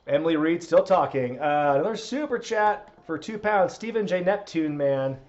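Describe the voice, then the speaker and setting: A man's voice: a little high, lively intonation, normal speed, hardly any pauses, darkish tone, highs cut off. A man hosting a live wrestling watch-along stream, chatting casually, laughing, and reading out viewer requests. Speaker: streamer host.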